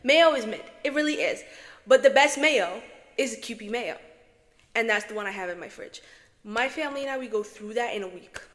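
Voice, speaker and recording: A woman's voice: on the high side, lively intonation, fairly quick, a bit bright. A young woman from Morocco chatting dramatically to camera as a vlogger, with a strong echo effect on her voice. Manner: chatty, dramatic, self-talking. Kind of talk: casual chat vlog. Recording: echoey reverb from an echo setting.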